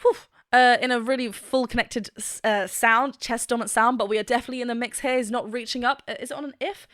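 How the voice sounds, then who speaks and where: This vocal coach talks fast with a steady tone, her pitch fairly high and slightly bright, as she eagerly explains things in a reaction video. Now and then she sings short demonstrations. The sound is echo-free and studio quality.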